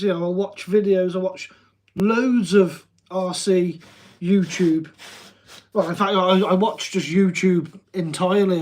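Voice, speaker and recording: A man from the English Midlands hosts a casual livestream, his Telford twang softened by a few Welsh notes. He chats easily with viewers, joking and rambling a little as he answers their comments. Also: high voice. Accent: Midlands English, Telford, with a slight Welsh tinge. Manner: chatty, easygoing, jokey, with frequent "um" and "yeah". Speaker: livestream host.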